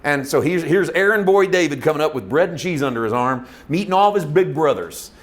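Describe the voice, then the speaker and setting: A man teaching a Bible lesson, retelling the story in an informal, animated way and laughing often. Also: a little high, fairly quick.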